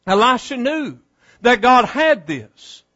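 High-voiced preacher, passionate. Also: male voice, very animated, slow pace, highs cut off. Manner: impassioned preaching, swinging from hushed prayer to loud exclamations. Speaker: pastor. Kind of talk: sermon.

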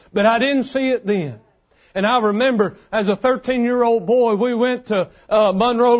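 A man in his thirties preaching a sermon with a fervent, repetitive cadence. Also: very high voice. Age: 30s. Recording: dull lo-fi sound.

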